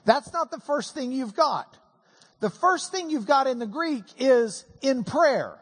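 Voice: high-pitched, lively intonation, measured pace, husky, big-room sound. A preacher giving a folksy, joking Bible-teaching sermon to a congregation.

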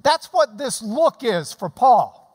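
A pastor preaching a sermon, telling stories and explaining scripture in an animated way and acting out the clapping. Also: medium pitch, slow, husky. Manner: animated storytelling, mimics clapping. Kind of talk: sermon with Bible teaching. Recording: long hall reverb.

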